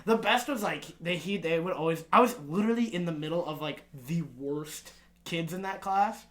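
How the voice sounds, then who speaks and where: A young man co-hosts a podcast, telling loose, profane high school anecdotes and acting out the other people in them. His voice sits high and sounds bright. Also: moderate pace. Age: young adult. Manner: profane, laughing anecdotes with acted-out quotes. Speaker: podcast co-host. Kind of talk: casual storytelling chat.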